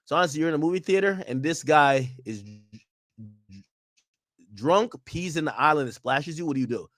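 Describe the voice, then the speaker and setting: A man's voice: on the high side, lively intonation, brisk, fairly bright tone. A young man streaming casual reaction commentary in a slangy, joking way.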